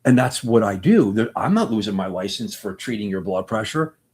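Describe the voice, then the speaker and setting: A man in his sixties gives a live question-and-answer talk as a doctor. His voice is very husky and raspy, and its pitch rises and falls a lot. He speaks with passion and rambles, often breaking off and restarting his sentences. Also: expressive, fairly quick, darkish tone. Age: 60s.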